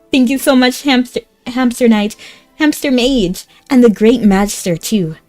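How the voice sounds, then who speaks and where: A woman's voice: fairly high pitch, measured pace, darkish tone, faint music behind, voice pushed up, lightly acted. A woman voicing a small, earnest village girl who lost her cat and asks for help. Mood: grateful. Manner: earnest, pleading.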